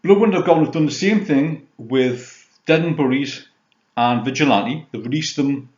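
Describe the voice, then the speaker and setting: A man's voice: medium pitch, moderate pace, a little mellow. A man in his fifties from Britain, hosting a casual chat about film releases and filling his talk with "you know". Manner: rambling, leans on "you know", retells scenes. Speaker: host, film collector. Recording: roomy dull lo-fi sound.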